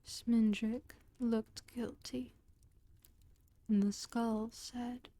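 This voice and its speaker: A woman reads a storybook in a whispered role-play, her whisper very slow and unhurried. Her voice sits slightly high, and the close microphone catches it dry, with no room sound. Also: steady tone, no echo. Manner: whispered, slow, gentle reading.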